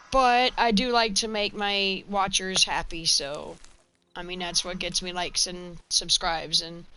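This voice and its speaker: Bright chatty woman streamer. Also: on the low side, poor audio. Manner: rambling, chatty, frank. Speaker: gaming streamer. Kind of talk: casual let's-play chat.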